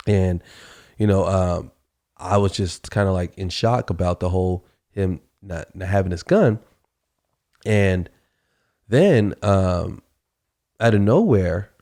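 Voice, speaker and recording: A man's voice: fairly low pitch, dark tone. A man hosting a podcast, telling a story casually with lots of fillers and acted-out dialogue. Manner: conversational, acts out quoted dialogue, many fillers. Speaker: podcast host.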